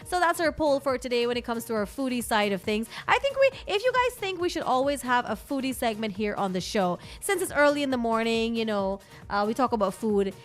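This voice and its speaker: A woman's voice: a little high, big pitch swings, brisk, hardly any pauses. Bubbly woman co-hosting morning radio. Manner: bubbly, chatty, laughs often. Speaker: radio co-host. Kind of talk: casual morning radio chat.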